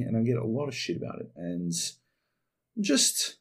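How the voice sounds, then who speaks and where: A man's voice: fairly low pitch, moderate pace. An Australian man hosting a podcast alone, rambling casually and swearing freely. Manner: rambling, heavy swearing, animated. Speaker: podcast host. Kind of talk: casual solo podcast monologue.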